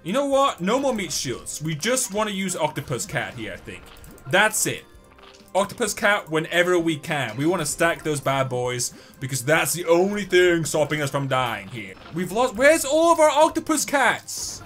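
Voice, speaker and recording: A young man giving commentary on a mobile game, swinging from low muttering to frustrated yelling. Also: very animated, moderate pace, soft background music. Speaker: gaming YouTuber.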